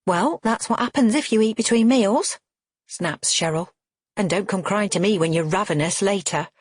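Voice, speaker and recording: A woman's voice: on the low side, steady tone, moderate pace, slightly rough, no room sound, clean studio sound. A woman playing a snappish mother. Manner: sharp, snapping. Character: bossy, snappish middle-aged wife and mother.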